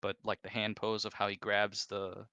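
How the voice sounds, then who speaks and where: A man telling lively work stories in casual chat, bursting into high mimicked voices. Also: moderate pace, clean tone, no echo. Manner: animated storyteller, mimics coworkers in high squeaky voices. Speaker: animator guest.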